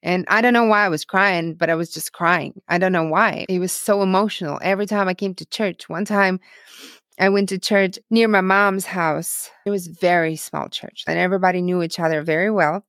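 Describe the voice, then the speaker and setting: Woman from Ukraine, interview guest, earnest emotional storytelling, low voice, dry sound. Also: fairly even intonation, fairly quick, fairly bright tone, dry recording. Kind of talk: personal testimony in a podcast interview.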